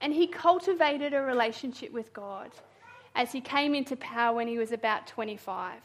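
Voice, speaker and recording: A woman preaching a sermon, telling a personal story in an animated way and laughing often. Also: fairly high pitch, moderate pace.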